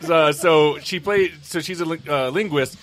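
A man hosting a comedy podcast, telling stories and recommending a movie with animated, laughing delivery. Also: a little high, normal speed. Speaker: podcast host.

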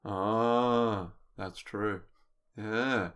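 A man co-hosting a podcast in casual chat, jokey and animated, slipping into mocking voices. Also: lowish voice, drawn-out words, clear, resonant tone. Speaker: podcast co-host.

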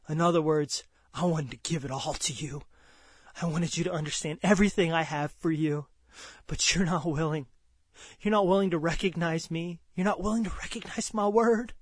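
A man preaching a sermon, impassioned and emphatic, swinging between loud declarations and hushed near-whispers. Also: a little high, moderate pace, slightly rough, dry recording.

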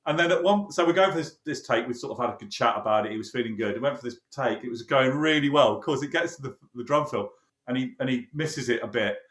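A man's voice: medium pitch, fast. A man, a producer casually telling a studio anecdote, acting out the dialogue and laughing as he goes. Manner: lively storyteller, acts out quoted dialogue, laughs often. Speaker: producer recalling a recording session. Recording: roomy echoey sound.

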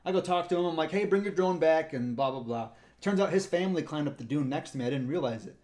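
Man, slightly high voice, casual rambling storyteller, podcast co-host. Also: expressive, fast talker, a little mellow. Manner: rambling, acts out voices in anecdotes. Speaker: park ranger and podcast co-host.

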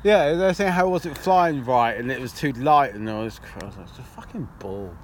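A man trading casual, sweary banter as a podcast co-host, laughing easily. His pitch is mid-range for a man. Faint traffic noise sits in the background of a pub recording. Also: brisk.

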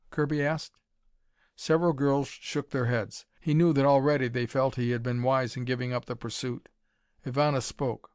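A man narrating an adventure audiobook in a measured, even storytelling manner on a close mic. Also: medium pitch, clean tone, no echo. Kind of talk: scripted narration.

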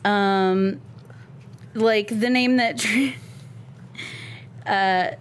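A woman's voice: medium pitch, fairly even intonation, very slow. Wry woman retelling a news story. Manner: wry, laughing, trailing off. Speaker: podcast co-host. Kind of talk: casual chat, reading out a news story.

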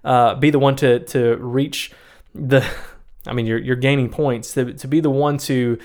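A man's voice: medium pitch, steady tone, a little slow, darkish tone. A man co-hosting a casual podcast chat, rambling and correcting himself, often laughing. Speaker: podcast co-host. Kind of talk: casual chat about board games.

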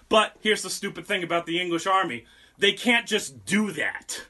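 High bright-voiced young man telling history crudely. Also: normal speed. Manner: profane, animated, mocking. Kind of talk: casual comic history storytelling.

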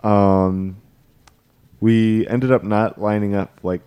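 A young man in casual chat, telling an animated story and laughing often. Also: lowish voice, slow pace, clear, resonant tone, muffled recording.

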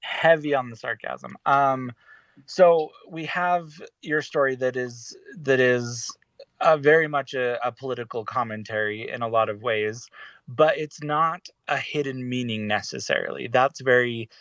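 A man's voice: medium pitch, unhurried, a bit bright, no room sound. Hesitant man co-hosting a chat. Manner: rambling, hesitant, with frequent fillers. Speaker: podcast co-host. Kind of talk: casual discussion.

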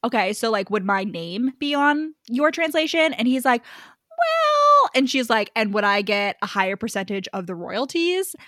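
A woman co-hosting a podcast, casually recapping a book in a lively way and acting out the characters' lines with big jumps in pitch. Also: normal speed, hardly any pauses, no room sound, studio quality. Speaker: podcast co-host.

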